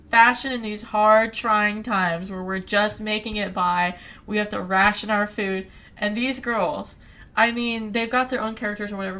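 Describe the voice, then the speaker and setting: A woman's voice: mid-range voice, steady tone, normal speed, pushed and bright. A young woman co-hosting a podcast, chatting casually as she retells a story with little quoted voices. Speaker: podcast co-host recapping a book. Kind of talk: casual chat.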